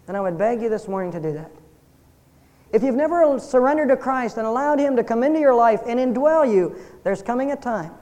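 A man's voice: sits high, dark tone, long reverb tail. A man preaching a sermon as pastor, earnest and emphatic, asking his listeners rhetorical questions. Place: church sanctuary.

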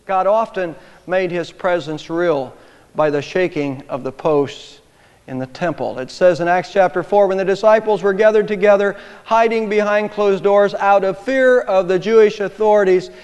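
High-voiced man preaching in a reverberant hall. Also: steady tone, normal speed, a little mellow, smooth. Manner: emphatic preaching that swells in volume on key phrases. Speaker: pastor. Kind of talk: sermon.

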